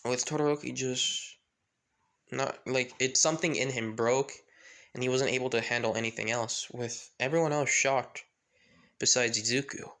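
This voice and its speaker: A man's voice: medium pitch, fairly even intonation, moderate pace, fairly bright tone. A man casually narrating a fan story, rambling with lots of fillers and restarts.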